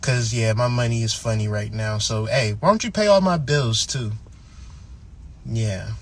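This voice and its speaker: A man's voice: mid-range voice, unhurried, voice pushed down. Man putting on a fickle, moody young woman. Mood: petulant.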